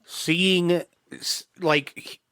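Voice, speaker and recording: A man co-hosting a casual podcast chat, talking in a halting way with many pauses. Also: fairly high pitch, steady tone, creaky, sharp tone, smooth, dry recording. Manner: slow, halting, gives short agreements. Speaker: podcast co-host.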